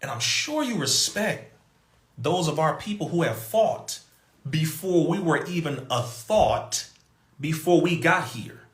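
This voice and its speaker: Animated man telling a story in an echoey room. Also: on the high side, slow. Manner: emphatic, mimics other people's voices, laughs between points. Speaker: podcast guest.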